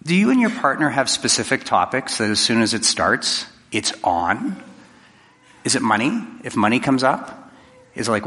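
Bright-voiced man speaking in a hall. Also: mid-range voice, big pitch swings, moderate pace. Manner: conversational, jokey, acts out quoted exchanges. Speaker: public speaker. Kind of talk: motivational talk to a live audience.

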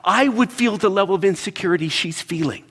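A middle-aged man preaching, telling stories in a halting, earnest way and repeating words as he searches for them. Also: sits high, a bit bright, slightly rough. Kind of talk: sermon storytelling. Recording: long reverb in a large hall.

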